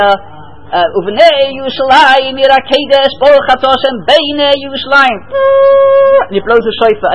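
A man's voice: very high-pitched, fairly bright tone, poor audio. A man giving an impassioned Torah talk, often repeating and restarting words as he presses his point. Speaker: religious speaker.

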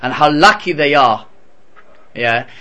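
A man giving a Torah lesson in a lively, conversational storytelling manner. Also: on the high side, slow pace, highs cut off. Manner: animated, conversational. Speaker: Torah teacher.

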